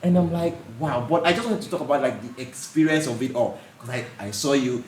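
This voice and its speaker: A man's voice: medium pitch, a little fast. A man hosting a podcast, telling stories animatedly with frequent laughter. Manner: animated storytelling, laughs often. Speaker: podcast host. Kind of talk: casual podcast chat. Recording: echoey room with faint noise.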